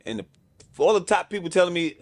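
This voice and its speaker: A high-pitched, expressive male voice moves at a quick pace. The speaker is a music executive from Brownsville, Brooklyn, with a New York accent, telling a story as a podcast guest in casual slang and playing the voices of those he quotes.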